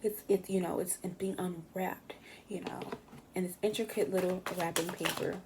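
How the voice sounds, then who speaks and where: A woman's voice: fairly low pitch, steady tone, moderate pace, noisy background. A young woman giving a casual tarot reading, brash and slangy, swearing freely and acting out what other people say. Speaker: tarot reader.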